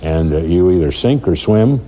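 A man's voice: deep voice, lively intonation, moderate pace, warm tone, muffled recording. A man in an interview, reflecting thoughtfully with hesitant fillers.

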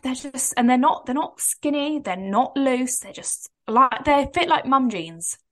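A woman's voice: high-pitched, expressive, a little slow, a bit bright. A woman, co-hosting a podcast in a rambling, chatty way and laughing often. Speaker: podcast co-host. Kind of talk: casual chat.

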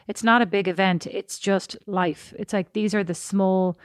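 A woman co-hosts a podcast in relaxed, rambling chat. She speaks emphatically on a close, dry recording with no room sound. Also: mid-range voice, unhurried, no room sound. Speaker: podcast co-host. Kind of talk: casual chat.

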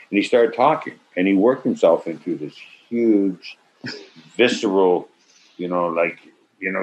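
An older man on a video call telling an animated anecdote, acting out quotes with swearing and sudden loud bursts. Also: low-pitched, a little fast. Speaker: actor interview guest. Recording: slightly muffled video-call audio.

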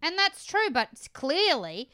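A woman's voice: high voice, big pitch swings, unhurried, bright, forceful tone. A woman co-hosting a podcast, chatting casually about a reality show with wry, easygoing jokes. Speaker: podcast co-host.

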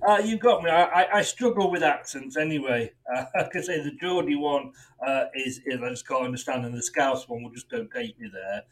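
A man's voice: mid-range voice, normal speed. A man hosting a football prediction podcast over a video call, chatty and self-mocking, laughing often. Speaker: podcast host. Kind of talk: casual chat.

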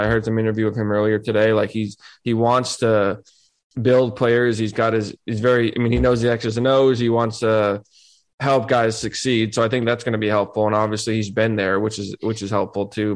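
Male co-host, mid-pitch, even and reflective, casual podcast chat. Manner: thoughtful, hesitant restarts. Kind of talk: casual sports talk.

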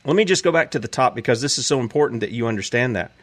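A man's voice: medium pitch, animated, very fast. A man hosting a show, giving emphatic preacherly commentary.

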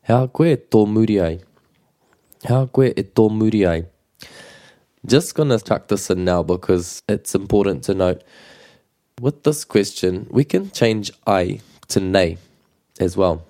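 Deep, mellow-voiced New Zealand man as a patient language teacher who repeats phrases slowly. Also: lively intonation. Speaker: te reo Māori teacher. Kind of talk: relaxed language lesson.

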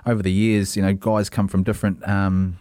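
A New man co-hosts a sports podcast from a studio. His voice is low, and he speaks hesitantly, full of fillers and restarts. The sound is close and dry. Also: level tone, fairly quick, darkish tone, no echo. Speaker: podcast co-host. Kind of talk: casual sports chat.

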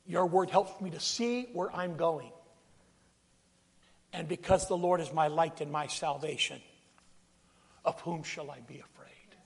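Gravelly high-voiced preacher in a reverberant hall. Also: male voice, unhurried, pauses often. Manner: dramatic, acts out scripture quotes, calls to congregation. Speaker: pastor. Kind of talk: sermon. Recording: long reverb of a large hall.

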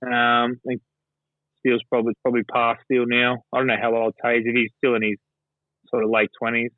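A man's voice: medium pitch, monotone, fairly quick, no echo. An Australian man chatting about sport as a guest pundit, rambling and swearing, with plenty of fillers. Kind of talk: casual sports chat. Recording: dry phone-line call.

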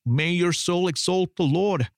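A man's voice: high-pitched, measured pace, no room sound, clean studio sound, voice pushed up. A man voicing a frantic male priest who commands a demon in an urgent, raised voice. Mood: commanding.

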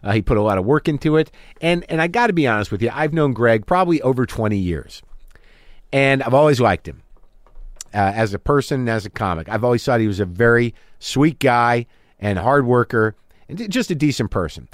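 A man's voice: medium pitch, animated, brisk, no room sound, clean studio sound. A man hosting a podcast, talking candidly and profanely, mocking himself and acting out both sides of imagined spats. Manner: self-deprecating, profane, acts out both sides of imagined arguments. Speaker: podcast host. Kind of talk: candid monologue and chat. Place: home studio.

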